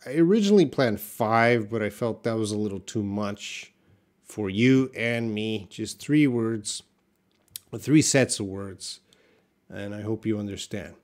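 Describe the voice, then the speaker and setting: A man's voice: fairly low pitch, measured pace, a little mellow. A man teaching English in a live lesson, explaining words patiently and reading viewers' comments.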